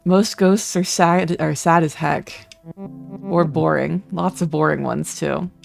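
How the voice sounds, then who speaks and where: A streamer voicing a sarcastic ghost who scoffs at everyone around them. The voice is gravelly, and soft music plays behind it. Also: mid-range voice, steady tone, slow pace. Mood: snide. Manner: sarcastic, dismissive. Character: snide, bored ghost at a mixer.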